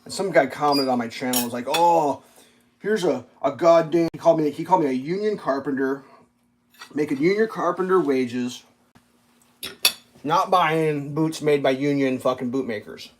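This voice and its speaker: A man's voice: on the high side, moderate pace. A man hosting his own channel, ranting casually and rambling, swearing often and leaning on fillers. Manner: rambling and profane, with many fillers. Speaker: channel host. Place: at a breakfast table.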